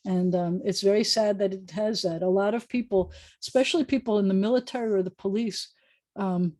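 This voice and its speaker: A woman rabbi teaching an informal online Hebrew class over a video call, chatty and joking as she sounds out words slowly. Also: mid-range voice, steady tone, a little mellow, no room sound.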